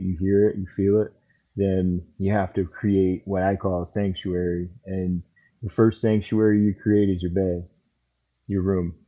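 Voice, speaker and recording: A man who is a trauma counselor, co-hosting a podcast and speaking in a measured, reflective way with many pauses. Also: low-pitched. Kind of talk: casual podcast chat. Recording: tinny phone-like line.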